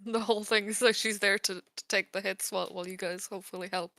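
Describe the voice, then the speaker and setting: Bright, chatty woman player. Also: mid-range voice, steady tone, vocal fry. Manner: chatty, quick to laugh and joke. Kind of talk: casual game chat.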